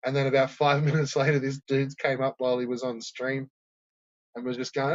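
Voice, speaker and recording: A man's voice: medium pitch, little pitch movement, fairly quick, dry recording, muffled recording. A man rambling through a profane, casual commentary, laughing often.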